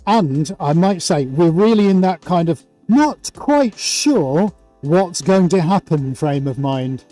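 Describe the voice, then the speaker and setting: A man's voice: fairly high pitch, lively intonation, slow, warm tone, soft background music. A man hosting a live painting stream, chatting playfully and greeting viewers by name. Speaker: livestream host and painter. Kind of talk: casual livestream chat.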